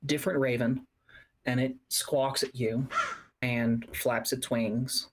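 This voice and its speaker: Slow, deliberate tabletop game master. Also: mid-range voice, little pitch movement, noisy background. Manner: slow, descriptive scene-setting with pauses.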